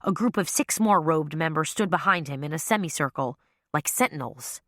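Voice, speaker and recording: A woman narrating an audiobook with lively storytelling. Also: low voice, normal speed, dry recording, clean studio sound. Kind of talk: scripted narration.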